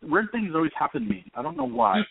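A man's voice: sits high, big pitch swings, quick pace, vocal fry, slightly rough, no echo. A man making wry joking asides in casual banter with his co-host. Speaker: podcast co-host. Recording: tinny phone-like audio, faint hiss.

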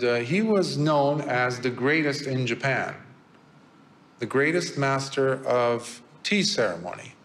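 A male Buddhist monk giving a dharma talk in a temple prayer hall, telling a story with pauses and fillers. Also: mid-range voice, fairly bright tone, slight background noise.

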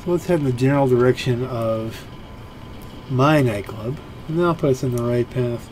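A man's voice: medium pitch, moderate pace, darkish tone, slight background noise. A man giving let's play commentary in a rambling, musing way, full of fillers and restarts. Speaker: gameplay commentator.

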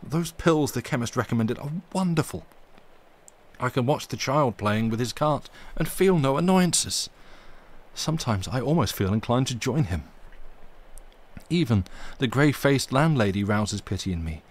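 A man reading a ghost story aloud on a live stream, with expressive, dramatic emphasis. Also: medium pitch, normal speed.

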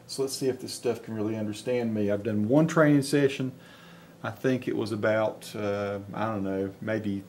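A man with a Western North Carolina Appalachian accent, talking casually and haltingly into a headset mic while he tests dictation software. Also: on the low side, slight background noise. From Western North Carolina, USA. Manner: halting, with fillers and self-corrections. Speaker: software reviewer. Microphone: headset microphone.

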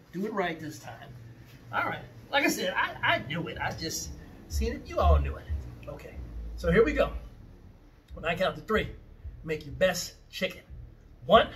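High-voiced man teasing a kids' class. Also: sing-song, unhurried, long pauses, a bit bright, far from the mic, a little hiss or hum. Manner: mock-confused, teasing, repeats himself. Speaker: martial arts instructor. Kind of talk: playful children's class.

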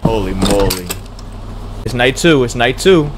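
A young man giving casual, slang-heavy commentary on a game, excitable and repeating his phrases. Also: medium pitch, measured pace, background noise. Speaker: gaming YouTuber. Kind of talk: let's play commentary. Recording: commentary over loud game music.

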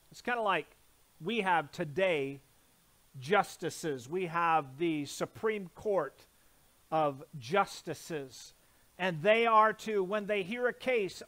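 A man's voice: high voice, fairly bright tone. A man preaching a sermon as pastor, emphatic, repeating phrases and putting questions to the congregation. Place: church sanctuary.

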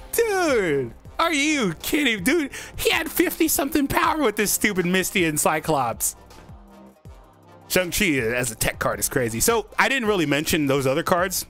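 A young man hosting a gaming channel, commenting on a card game as he plays, excitable, talking to himself and laughing often. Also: high voice, unhurried, faint music behind.

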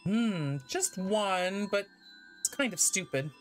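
A woman's voice: medium pitch, expressive, slow pace. A woman streamer playing a video game, chatting casually and reading game text aloud. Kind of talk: let's play commentary. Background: game music.

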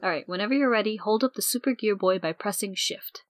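A woman's voice: mid-range voice, fast, lightly acted. Woman reading brainy young boy inventor, precise, wordy, video game, music underneath.

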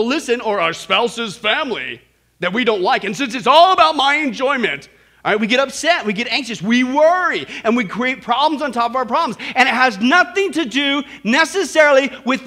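A man's voice: very high voice, sharp tone. A man preaching a sermon, telling a story with lots of "listen" and "right?" asides. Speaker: pastor.

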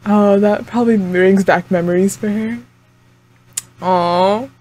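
A woman's voice: mid-range voice, fairly even intonation, slow pace, a little mellow. A young woman hosting a reaction video, chatting casually to the screen with frequent exclamations and laughs. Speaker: anime reaction channel host.

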